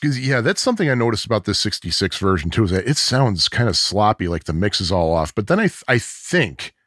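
A man's voice: lowish voice, very animated, a little fast, a bit bright, no echo, clean studio sound. A man co-hosting a casual music podcast, humming parts of songs to make his points. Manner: sings sounds and riffs to show music. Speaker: podcast co-host.

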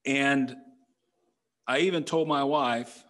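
A man's voice: fairly high pitch, a little slow, fairly bright tone. A middle-aged man, a pastor, preaching a conversational sermon in a church, full of rhetorical questions. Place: church sanctuary.

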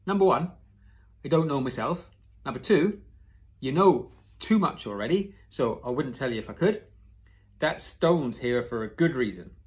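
A man reading aloud and voicing a big, gruff gamekeeper who is proud and secretive, speaking firmly and with emphasis. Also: mid-range voice, lively intonation, moderate pace, voice pushed up, lightly acted.

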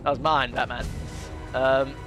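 A man's voice: mid-range voice, level tone, unhurried, over music. A man streaming a video game, giving chatty, often exasperated commentary. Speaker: gaming streamer. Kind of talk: casual gameplay commentary.

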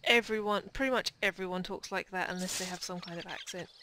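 A young woman hosting a game playthrough, chatty and excitable with quick asides. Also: lowish voice. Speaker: let's play host. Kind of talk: casual gameplay commentary. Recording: noisy home commentary track.

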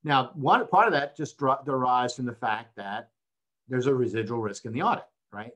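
An older male professor lecturing over an online seminar. His voice sits at an ordinary middle pitch, and he explains ideas patiently, posing rhetorical questions and checking in with his listeners as he goes. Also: normal speed, fairly bright tone, highs cut off. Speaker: accounting professor.

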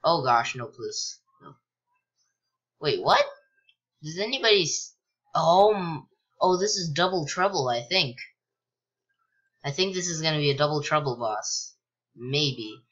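A young man casually commentating a video game he's playing, rambling with lots of ums and likes and sudden excited yelps. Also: a little high, a little slow, long pauses, breathy edge, muffled recording. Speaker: gameplay commentator. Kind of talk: casual let's-play commentary.

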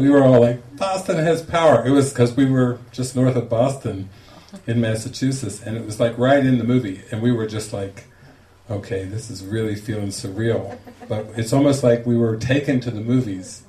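A man, a spiritual teacher, telling a lively story to a group and acting out the quoted lines with laughter. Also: medium pitch, normal speed. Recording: echoey room, distant mic, faint noise.

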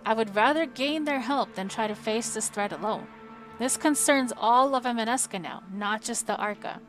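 A calm male deputy mage, read by a woman narrating an audiobook, measured and firm. Faint music runs quietly under the voice. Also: a little high, lightly acted.

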